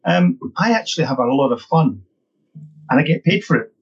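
A husky, slightly high-pitched middle-aged man tells his story as an interview guest, upbeat and emphatic, often repeating himself. The sound is dull and lo-fi. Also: sing-song, fairly quick, soft background music. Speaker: guest, training consultant.

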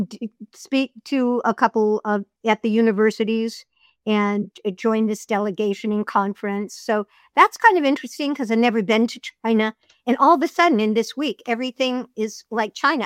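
Chatty and quick to laugh, a middle-aged voiceover artist and audiobook narrator tells stories during a casual interview. She has a smooth, fairly high voice, recorded at studio quality with no room sound.

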